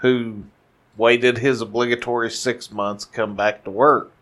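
A man co-hosting a podcast who chats casually and fills in details plainly. His tone is bright and forceful, at a middle pitch. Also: flat delivery, measured pace. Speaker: podcast co-host. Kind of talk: casual chat.

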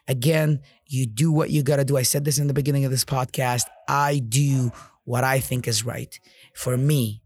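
Gravelly, blunt-talking podcast man. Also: medium pitch, darkish tone, dry recording. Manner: blunt and profane, heavy use of "like" and "you know". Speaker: podcast host and business owner. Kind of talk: casual motivational podcast monologue.

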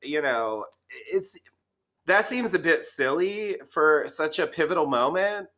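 A man talking casually on a podcast, with a bright, tense tone and a voice pitched a bit high. He gropes for words and restarts often, leaning on "like" as he thinks aloud. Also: expressive, a little slow. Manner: hesitant, full of 'like' and restarts.

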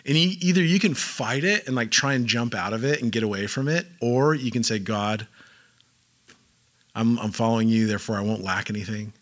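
A man preaching in a loose, chatty way, full of "like" fillers, who slips into acting out quotes as he goes. His voice is bright and forceful and sits at an ordinary pitch for a man. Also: fairly quick. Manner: conversational, filler-heavy, acts out quotes. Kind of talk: casual sermon.

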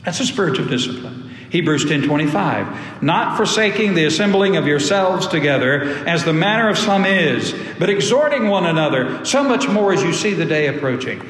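A man's voice: on the high side, animated, moderate pace, fairly bright tone. A man preaching a sermon to his congregation, emphatic and repeating key phrases. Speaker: pastor. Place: church sanctuary. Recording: echoey hall.

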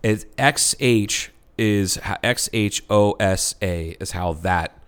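A man's voice: lowish voice, slow, a bit bright, smooth. A young man co-hosting a podcast, joking crudely and swearing in casual chat. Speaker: podcast co-host.

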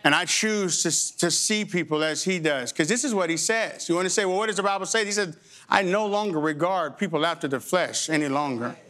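A middle-aged man preaching a sermon as pastor to his congregation in a church, with impassioned emphasis that rises high and then drops low and slow. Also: sharp tone. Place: church sanctuary before a congregation.

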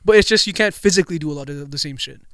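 A young man talking in a quick, tumbling rush on a casual podcast, swearing freely as he rambles through his thoughts. His voice sits a little higher than most men's, and the sound is close and dry. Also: fairly bright tone, no echo. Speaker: podcast co-host. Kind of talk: casual chat.

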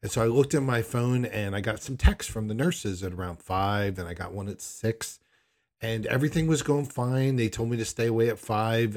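A man's voice: lowish voice, darkish tone. A man telling a personal story in a candid, rambling way, often questioning himself. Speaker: son recounting a hospital visit.

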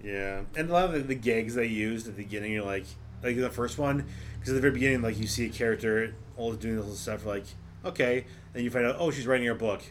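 A man chatting loosely on a podcast, his speech loose and full of fillers. His pitch sits at an ordinary middle level. A faint hiss runs under the recording. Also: fast talker. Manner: rambling, heavy on fillers. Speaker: podcast co-host. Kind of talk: casual chat.

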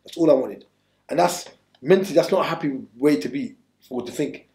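A man's voice: fairly high pitch, fairly quick, mellow. A man from England, telling his story as an interview guest in streetwise slang, urgent and repetitive. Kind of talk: candid storytelling. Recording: echoey room.

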